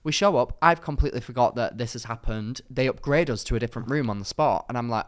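A young man co-hosting a podcast, chatting casually and telling animated, giggly stories. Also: medium pitch, fast talker, hardly any pauses. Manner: animated, giggly, acts out voices in anecdotes. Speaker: podcast co-host. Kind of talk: casual chat, storytelling.

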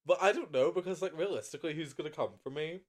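A man's voice: on the high side, quick pace, noisy background. A young man co-hosting a casual podcast, playful and camp, laughing often. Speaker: podcast co-host. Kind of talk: casual chat. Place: indoor room with co-host.

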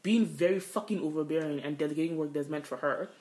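A woman's voice: low-pitched, quick pace, darkish tone. A woman co-hosting a podcast, telling a workplace story in casual chat, swearing freely. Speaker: podcast co-host. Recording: roomy echo.

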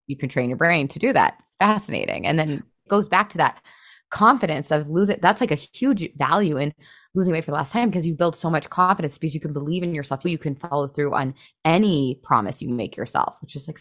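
A woman co-hosting a podcast in casual chat, talking fast and loose with lots of fillers and acted-out quotes. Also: deep voice, lively intonation, fairly bright tone. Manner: chatty, filler-heavy, acts out quotes. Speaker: podcast co-host.

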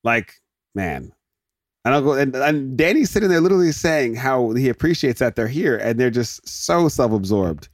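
Animated man recapping a sitcom, dry mic. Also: medium pitch, no echo. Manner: animated, jokey, slips into quick mock voices of characters. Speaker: podcast host. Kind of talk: comic episode recap.

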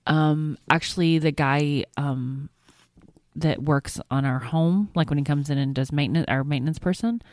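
A woman's voice: low-pitched, moderate pace, darkish tone, no echo. A woman co-hosting a podcast in casual chat, a chatty, rambling storyteller who swears casually. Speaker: podcast co-host.

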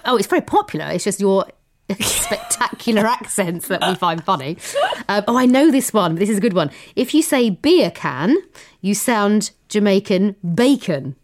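Bantering woman co-host with lively pitch. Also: moderate pace. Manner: laughing, bantering, playful. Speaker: podcast co-host. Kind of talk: casual chat.

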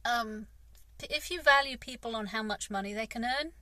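A woman's voice: fairly high pitch, normal speed, pushed and bright, no room sound, rough recording. An English woman, a gardener, talking candidly in a rambling vlog monologue, sighing and frustrated. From England. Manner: rambling, candid, frustrated, frequent sighs and fillers.

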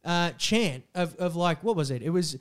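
An Australian man with an Australian accent, ranting and swearing in casual comedic podcast chat, sometimes shouting mock chants. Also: a little high, lively intonation, moderate pace. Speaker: podcast co-host.

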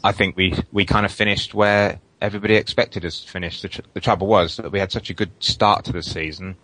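A deep-voiced man giving his view as a football fan, in a flat, even delivery with lots of "you know"s. The sound is dry, with no room echo. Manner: measured, hedging, many fillers. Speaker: podcast guest, football fan. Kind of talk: casual football chat.

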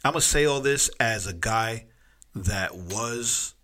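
A man's voice: mid-range voice, animated, slow pace, sharp tone. A man co-hosting a podcast in loose, casual chat, laughing often and repeating words as he finds his point. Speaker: podcast co-host.

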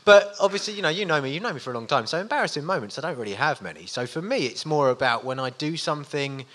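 A man's voice: fairly high pitch, lively intonation, quick pace, a bit bright. A man in his forties telling self-mocking, swearing anecdotes as a guest on a live stage show. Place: live stage in front of an audience.

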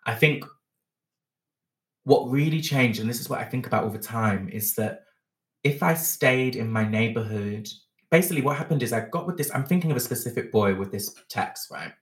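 A man's voice: mid-range voice, normal speed. Candid guy, roomy distant mic. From Bristol, England. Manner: frank, animated, self-mocking. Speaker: podcast guest. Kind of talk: candid storytelling chat.

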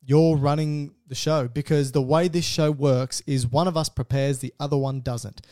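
A playful male podcast co-host with a mellow, warm tone and a slightly high voice. He's recorded dry and close. His talk is loose banter, and he laughs easily. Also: steady tone, moderate pace, no room sound.

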